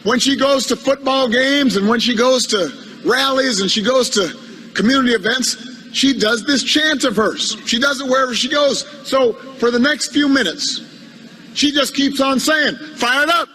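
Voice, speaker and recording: Halting, wry male politician telling a story. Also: extremely high pitch, sharp tone, a little hiss or hum, rough recording. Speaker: politician giving a speech. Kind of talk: humorous anecdote in a speech.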